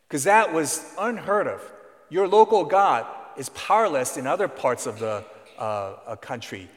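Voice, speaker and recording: A man's voice: on the high side, lively intonation, unhurried. Earnest male preacher in a reverberant hall. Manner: earnest teaching tone with emphatic stresses. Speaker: pastor. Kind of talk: sermon.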